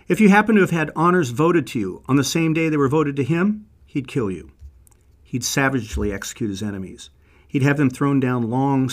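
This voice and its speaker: A man teaching a Bible lesson as vivid, conversational storytelling. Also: medium pitch.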